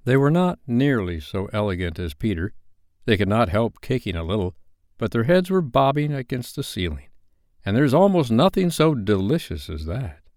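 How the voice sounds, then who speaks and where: A man reading a classic children's novel aloud as a bedtime story, in an expressive, lively manner. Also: fairly low pitch, moderate pace, no room sound, studio quality.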